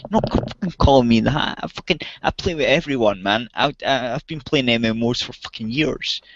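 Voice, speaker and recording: A man's voice: medium pitch, moderate pace, background noise. Furious, swearing man ranting. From outside the US. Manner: angry, heavy swearing, ranting. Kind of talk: casual chat. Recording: dull, dry voice-chat audio.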